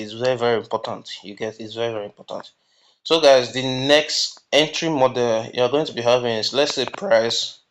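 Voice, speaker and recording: A man teaching a trading lesson, often asking "you get?" and answering his own questions. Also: medium pitch. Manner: repeats "you get?" to check understanding; asks questions and answers them himself. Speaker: trading instructor. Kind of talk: screen-recorded lesson. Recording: muffled lo-fi mic with background noise.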